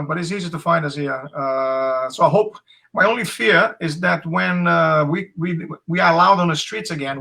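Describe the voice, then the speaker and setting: Gravelly Essex man, bright voice. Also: a little high, rough recording. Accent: Essex English. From England. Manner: chatty, storytelling with acted quotes, frequent restarts. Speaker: Krav Maga instructor, guest. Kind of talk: casual interview over video call.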